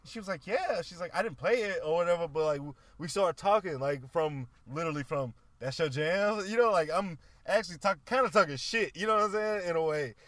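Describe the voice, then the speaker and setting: A man's voice: fairly high pitch, fairly quick, hardly any pauses, a bit bright, dry recording. A man co-hosting a podcast, telling a long casual story full of slang and swearing. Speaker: podcast co-host. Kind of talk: casual chat.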